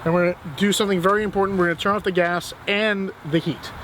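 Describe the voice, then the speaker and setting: A man with a slightly raised voice hosts a homemade cooking show, cracking jokes as he goes. Steady background noise and the sound of traffic sit under him. The delivery is casual and playful. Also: high voice, quick pace, rough recording. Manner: jokey and playful, hamming for the camera. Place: outdoor grill, then a home kitchen.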